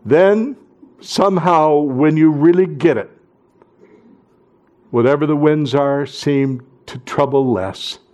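A male pastor preaching a sermon, swinging from loud emphatic bursts down to hushed, near-whispered phrases. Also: on the high side, takes it slowly, long pauses.

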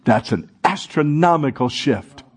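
In a church sanctuary, a male pastor preaches a sermon and calls on the congregation to answer and repeat after him. His voice is on the high side, expressive and unhurried, with a slightly rough texture.

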